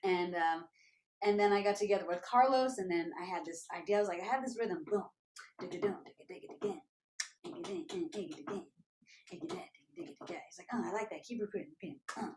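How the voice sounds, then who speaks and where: Casual: tap dancer lady telling stories super animated, keeps scatting out the rhythms, mid pitch. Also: fast talker, slight background noise. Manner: lively, scats rhythm syllables aloud. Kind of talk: animated storytelling in an interview.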